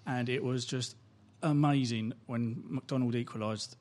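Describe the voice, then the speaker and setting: A man's voice: medium pitch, steady tone, unhurried, a little mellow. A man appearing as a first-time podcast guest, reminiscing in short bursts about an old match. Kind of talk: casual podcast chat.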